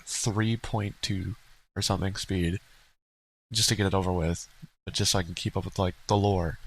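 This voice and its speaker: A man's voice: on the low side, low-quality recording. A man co-hosting a livestream in casual, rambling chat, blunt and profane, laughing now and then. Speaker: streamer co-host.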